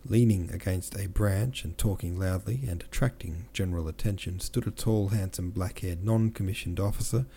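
A man reading a classic novel aloud as a podcast narrator, steady, with small slips he corrects himself. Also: sits low, moderate pace, vocal fry, few pauses, a little hiss or hum. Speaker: audiobook narrator and podcast host.

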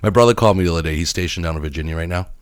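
A man's voice: low voice, rapid-fire, no room sound. A man, co-hosting a podcast in blunt, profane, ranting casual banter. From Massachusetts. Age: 40s. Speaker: podcast co-host.

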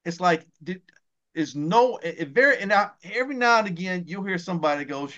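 A man's voice: fairly high pitch, expressive, quick pace, fairly bright tone, lo-fi sound. A man co-hosting a podcast, talking football in a heated, ranting way and swearing often. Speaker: podcast co-host. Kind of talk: casual sports talk.

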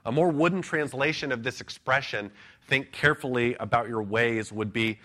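A man preaching an earnest, measured expository sermon, pausing now and then with an "uh". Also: medium pitch, pushed and bright. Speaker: pastor.

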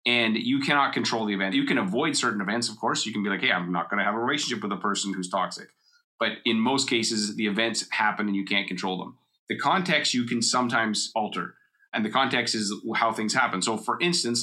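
A man's voice: lowish voice, sharp tone. A middle-aged man hosting a solo coaching podcast, explaining ideas conversationally and acting out everyday quotes. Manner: conversational, uses personal stories and acted-out quotes.

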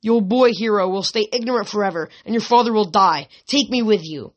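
A vengeful ancient sorceress, put on by a reader, sneers and threatens in a raised, theatrical voice. She sounds higher and louder than the narration around her. Her manner is haughty and scheming. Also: a little fast, dull audio, natural voice. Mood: threatening. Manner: theatrical, mocking, then shrill and threatening. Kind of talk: audiobook reading.

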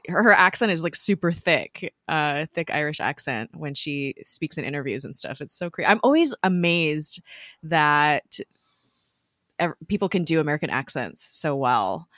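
A podcast co-host with a deep, a bit bright voice and lively intonation recaps a TV episode in casual chat. Her speech is halting, full of fillers and restarts, recorded cleanly in a studio with no room sound.

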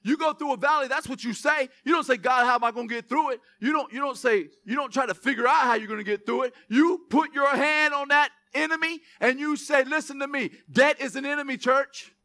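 High, bright-voiced joking pastor. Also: male voice, brisk, few pauses, no echo. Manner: joking asides between loud preaching. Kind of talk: sermon.

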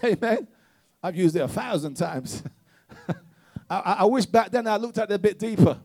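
A man's voice: high voice, animated, normal speed, darkish tone. A man preaching a sermon with call-and-response exhortations, often restarting his words in repetitive bursts.

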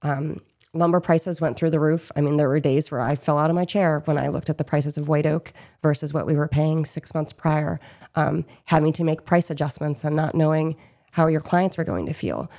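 A woman's voice: sits low, normal speed, warm tone. A woman from Pennsylvania who owns a small business, answering interview questions in a chatty, casual way with frequent "um" and "you know". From Chester County, Pennsylvania.

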